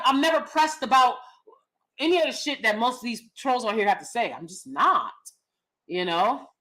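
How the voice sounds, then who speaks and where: Blunt woman, livestream host reading chat, lively and laughing, slightly high voice. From United States. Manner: animated, laughs often, sassy and blunt. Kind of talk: casual opinionated livestream chat.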